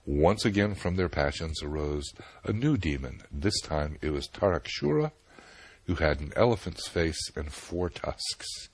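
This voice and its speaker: A man tells an old myth in a calm, measured storytelling voice. His tone sits low and slightly husky. The recording is dry and close, with no room sound. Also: no echo. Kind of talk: scripted narration of a myth.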